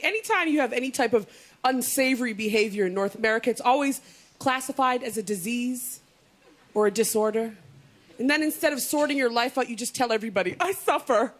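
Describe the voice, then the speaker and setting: A young woman from Canada performing a stand-up comedy set, animated and punchy with quick asides. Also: on the high side, a little hiss or hum.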